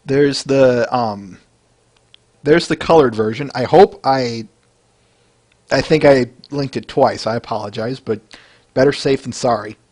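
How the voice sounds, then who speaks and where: This podcast host talks about fan art in an enthusiastic, chatty way, with fillers and laughs throughout the casual conversation. His medium-pitched voice has a darkish tone, a little slow and with frequent pauses.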